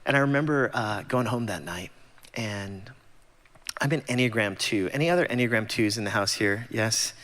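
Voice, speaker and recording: Church testimony speaker, forties, easygoing and self-mocking, recorded in an echoing sanctuary. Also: male voice, on the low side, moderate pace, a bit bright. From Los Angeles, USA. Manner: conversational storytelling with self-deprecating humor. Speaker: guest speaker at church gathering. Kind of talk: personal testimony talk. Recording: long church-hall reverb.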